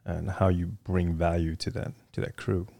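A middle-aged man with a Vietnamese accent, a retired military aviator telling his story in a relaxed interview, full of "you know" fillers. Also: low voice, normal speed, gravelly, no echo. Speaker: interview guest, retired Marine fighter weapons officer.

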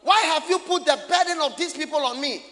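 A male pastor preaches from the pulpit, his unusually high voice bright and forceful. He swings widely in pitch and shouts his points, questioning the congregation as he goes. The sound carries the long reverb of a church hall, with faint room noise underneath. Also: fairly quick. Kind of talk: sermon.

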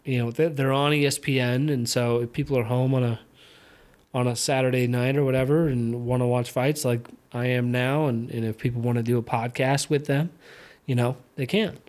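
Young guy rambling on his solo podcast, lots of ums and restarts, mid pitch, bit of southern twang creeping in. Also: fairly even intonation, normal speed, darkish tone. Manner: rambling, many fillers and restarts; slips into a slight Southern twang on country music. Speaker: podcast host. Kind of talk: casual solo chat while watching fights.

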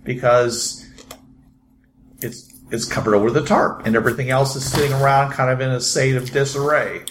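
A man narrating as game master, quick and loose, thinking aloud with fillers. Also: mid-range voice, fairly even intonation, echoey room, slight background noise.

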